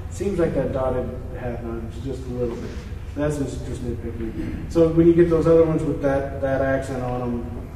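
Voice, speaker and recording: Guy coaching a student in a masterclass, loose and halting, hums bits of the tune, super echoey big room. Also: mid-range voice, noisy background. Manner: relaxed, hesitant, sings phrases to demonstrate. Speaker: tuba teacher. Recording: echoey hall from far off, faint ambience.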